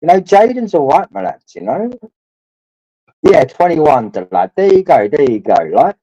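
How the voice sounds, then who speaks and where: A man's voice: a little high, big pitch swings, normal speed, warm tone, dry recording. A man, talking rambling and crude to his livestream chat while drinking, swearing often and calling viewers his lads. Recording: dull lo-fi stream audio.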